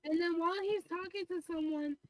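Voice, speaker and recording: Brief: young female co-host, high pitch, chatty, plays out dialogue, dry mic. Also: steady tone, a little fast, no echo, low-quality recording. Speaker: podcast co-host. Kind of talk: casual chat.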